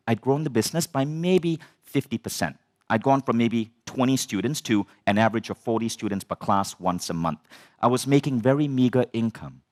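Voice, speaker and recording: A man telling a personal story as a personal growth speaker, animated, swearing and acting out the dialogue. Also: mid-range voice. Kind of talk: storytelling talk.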